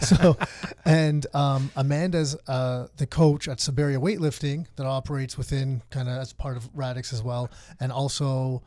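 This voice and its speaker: A man's voice: medium pitch, steady tone, normal speed, hardly any pauses, mellow, dry recording, clean studio sound. A man in his forties co-hosting a podcast in casual chat, rambling and self-deprecating and often laughing. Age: 40s. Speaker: podcast co-host.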